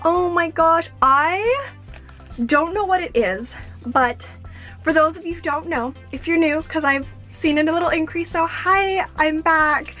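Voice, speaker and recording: A young woman unboxing earrings at home, gushing and excitable, exclaiming often. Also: very high-pitched, unhurried, soft background music. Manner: gushing, excitable, fillers like "oh my gosh". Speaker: YouTuber. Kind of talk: unboxing vlog.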